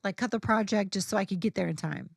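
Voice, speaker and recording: A woman's voice: mid-range voice, fast, creaky, slightly rough, dry recording, clean studio sound. A woman telling a personal story in a casual, profane, chatty way, full of fillers and acted-out dialogue.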